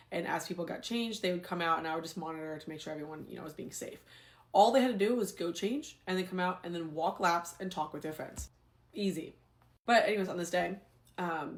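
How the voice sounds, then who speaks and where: A young adult woman, a former teacher, telling a story in a casual, animated, exasperated way. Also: fairly low pitch.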